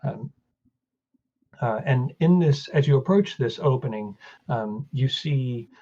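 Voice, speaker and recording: A man narrating a tabletop game as game master, halting, with many fillers and restarts. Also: mid-range voice, expressive, warm tone, muffled recording.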